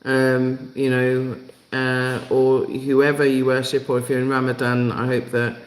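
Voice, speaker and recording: A man's voice: medium pitch, monotone, measured pace, roomy sound, rough recording. Emotional man hosting a live stream. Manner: emotional, repetitive, rallying. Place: home in Africa.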